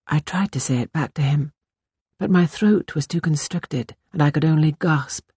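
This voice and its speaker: A woman narrating a novel in the first person, in a measured, intimate reading style. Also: low voice, darkish tone, breathy edge, no echo, studio quality. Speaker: audiobook narrator. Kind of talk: scripted narration.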